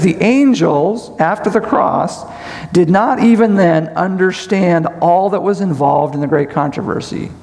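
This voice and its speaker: A man gives a Bible study sermon, questioning and explaining step by step. His voice is high with a gravelly edge. A long hall reverb trails every phrase. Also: a little mellow. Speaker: conference speaker. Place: large conference hall.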